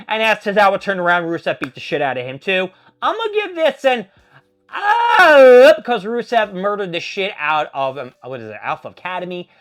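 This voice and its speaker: A man's voice: sits high, a little fast, hardly any pauses, soft background music. Profane rambling man recapping wrestling. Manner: profane, rambling, animated storytelling. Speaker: wrestling show reviewer. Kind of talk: casual solo recap.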